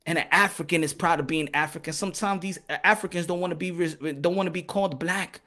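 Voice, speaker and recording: A man hosting a boxing channel, delivering impassioned, preachy commentary and switching between English and Spanish, rising to shouts when worked up. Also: a little high, fairly even intonation, quick pace.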